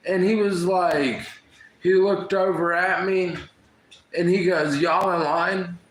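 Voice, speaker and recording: A man's voice: high-pitched, steady tone, slow pace. A man hosting a casual livestream, talking in slangy, profane chat and calling everyone bro. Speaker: livestream host. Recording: echoey room.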